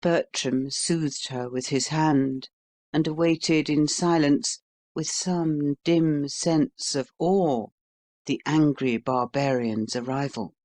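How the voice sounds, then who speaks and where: A narrator reads a novel aloud at a slow, deliberate pace. The delivery is steady and even, shaped for a full-length audiobook. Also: medium pitch, no echo. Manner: steady, unhurried storytelling.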